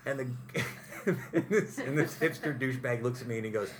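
A young male podcast host keeps the chat loose and laughs his way through his stories. His voice is bright and swings widely up and down in pitch. A faint hiss sits under the recording. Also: quick pace. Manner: animated storyteller, laughs often. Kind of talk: casual interview chat.

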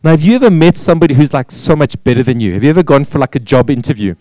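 A man's voice: fairly high pitch, animated, racing, mellow, no echo, poor audio. A man preaching a sermon, pressing points with repeated words and rhetorical questions. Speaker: pastor.

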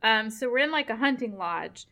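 A woman with a fairly high, bright voice tells a story in a relaxed, chatty way. She laughs easily between lines. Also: normal speed. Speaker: podcast host retelling an opera plot. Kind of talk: casual chat.

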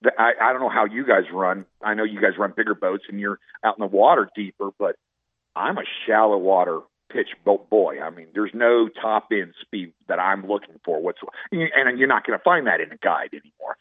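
Husky man on a phone line. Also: fairly low pitch, fairly quick. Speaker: guest fishing guide. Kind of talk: casual chat.

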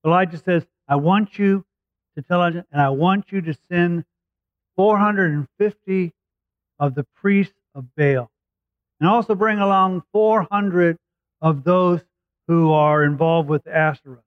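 A man preaching, his voice sitting a little high. He retells a scripture story conversationally and acts out the quotes. The sound is tinny, like a phone line, and dry. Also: a little slow, no room sound. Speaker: pastor. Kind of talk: sermon storytelling.

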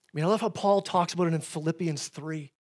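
A male pastor giving a sermon in a conversational way, tossing in "right?" asides and swinging between loud, emphatic bursts and quiet asides. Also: a little high, steady tone, quick pace.

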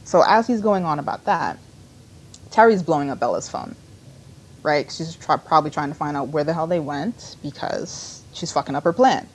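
A woman's voice: deep voice, animated, moderate pace. A woman co-hosting a podcast, casually recapping a TV episode in a rambling, conversational way with lots of fillers.

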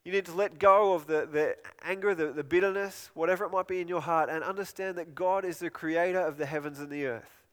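A man's voice: fairly high pitch, fairly even intonation, fairly quick, few pauses, in a large hall. A man preaching a sermon in an earnest, pleading way, often repeating and restarting phrases.

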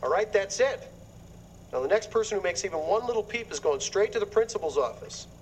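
An actor playing a substitute teacher in a sitcom, firmly scolding a class. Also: male voice, high-pitched, expressive, brisk, a little hiss or hum, poor audio. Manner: firm, scolding. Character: easygoing adult man playing a strict teacher. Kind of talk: sitcom acting.

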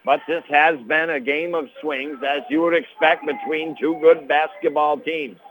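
A man's voice: a little high, rough recording. Middle-aged man calling local basketball. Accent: Upstate New York. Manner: brisk call with rising excitement on big plays; chatty asides with fillers. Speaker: play-by-play commentator. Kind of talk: local sports play-by-play.

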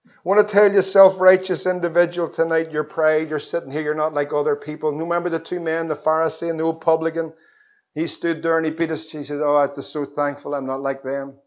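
A man preaching an evangelistic sermon, swinging between loud pleas and hushed tones. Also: a little high, level tone, fast talker. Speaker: pastor. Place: church. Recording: dull lo-fi sermon recording.

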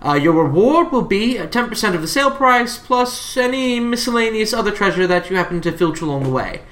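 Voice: mid-range voice, lively intonation, fairly quick, fairly bright tone, lightly acted. A game master voicing a male quartermaster who deals in stolen goods, talking hesitantly with many fillers. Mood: businesslike. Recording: roomy echo.

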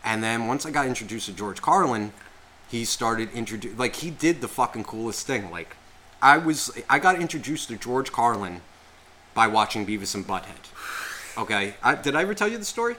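A man in his thirties tells a story on a podcast in an unscripted, rambling way, peppering it with swearing and endless "like"s. His voice is bright and forward, sitting at an ordinary pitch for a man. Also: lively intonation, moderate pace, a little hiss or hum. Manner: rambling, heavy profanity, constant "like" fillers. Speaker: podcast co-host. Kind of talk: casual storytelling chat.

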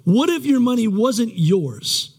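High-voiced pastor preaching a rambling sermon. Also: male voice, very animated, takes it slowly, darkish tone, husky. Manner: rambling, self-deprecating, conversational preaching with many restarts.

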